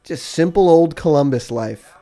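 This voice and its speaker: Playful lively-voiced male podcast co-host. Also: a little high, moderate pace, faint music behind. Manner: playful, riffing, wordplay and mock gravity. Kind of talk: improvised comedy podcast banter.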